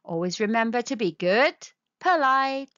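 A woman reading a children's storybook aloud in a slow, sing-song, expressive way. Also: fairly high pitch, no echo. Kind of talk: children's read-aloud narration. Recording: dull lo-fi sound.

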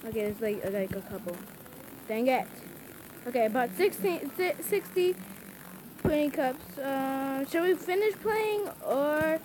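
Frantic high-voiced woman playing a game. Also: expressive, a little slow, darkish tone, a little hiss or hum, rough recording. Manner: frantic, pleading, talks to herself and the game customers. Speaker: gameplay commentator. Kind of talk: casual gameplay commentary. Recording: game sizzle and frying sounds clearly under the voice.

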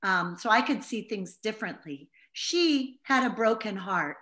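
A woman's voice: medium pitch, animated, measured pace, a bit bright. A middle-aged woman giving an informal Bible teaching to a small group, telling stories in an earnest, heartfelt way.

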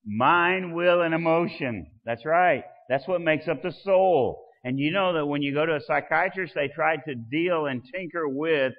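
A man preaching a sermon as pastor, swelling loud and dropping soft. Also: a little high, measured pace, hardly any pauses, big-room sound, muffled recording.

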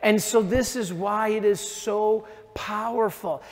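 An American Catholic man, a priest, giving a retreat talk to a congregation in lively conversational storytelling that speaks straight to the audience. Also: high voice, slow. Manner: animated conversational storytelling, addresses the audience directly. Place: large church. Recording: reverberant church hall.

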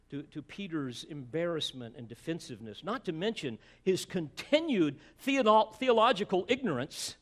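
A man preaching an expository sermon as pastor, emphatic, with rhetorical asides and repeated words as he presses a point. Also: a little high.

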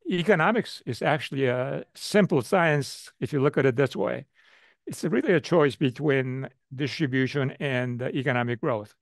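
A man's voice: medium pitch, moderate pace, dry recording. An older man, an economist, answering a question in a webinar, with lots of "uh" and "you know" fillers and repeated phrases. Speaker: economist guest speaker.

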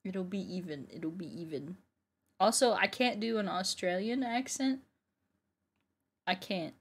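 A woman's voice: medium pitch, measured pace, slightly rough. A young American woman streaming a game, chatting playfully with frequent swearing and sing-song exclamations. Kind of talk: casual gaming commentary.

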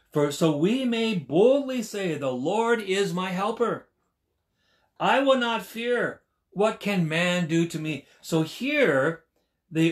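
A man in his sixties delivers a sermon in a notably high voice. He leans hard on key phrases, repeating them for emphasis. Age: 60s. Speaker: preacher.

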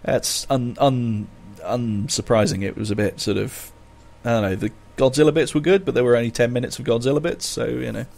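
A man's voice: mid-range voice, fairly quick, creaky, few pauses, darkish tone. A man hosting a casual podcast chat, rambling along with many fillers. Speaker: podcast host.

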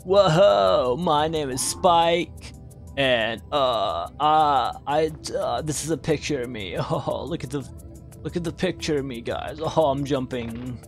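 A man's voice: mid-range voice, measured pace, faint music behind. A man streaming a video game with goofy, playful commentary and jokey yelps of pain. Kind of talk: casual let's-play commentary.

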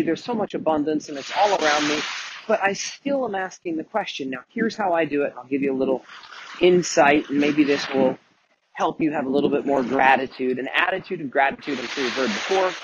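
A man with a fairly high voice speaks in an earnest, candid, loosely swearing motivational monologue. He walks along a beach at night, with waves crashing clearly behind him. The recording is muffled and dull. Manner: earnest, candid, with casual swearing and frequent restarts. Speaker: podcast host and mentor. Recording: muffled outdoor recording with wave noise.

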